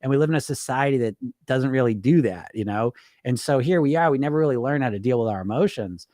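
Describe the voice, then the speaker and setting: A man hosts a weight loss podcast in a loose, conversational way. He laughs easily and slips into quick acted-out voices. His middle-pitched voice is recorded dry and close. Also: animated, a little mellow, no echo. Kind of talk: casual talk.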